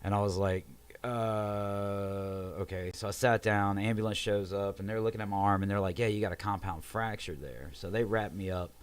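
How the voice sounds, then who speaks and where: Young man, low-pitched, casual storyteller who acts out every voice. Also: moderate pace, clean tone. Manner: animated, acts out quoted voices, swears. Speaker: podcast guest telling a story.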